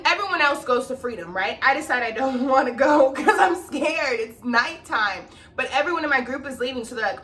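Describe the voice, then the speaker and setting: Bright-voiced young woman telling a storytime. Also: on the high side, normal speed, few pauses, recorded from a distance. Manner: animated, swears freely, acts out quoted people. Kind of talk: casual storytelling.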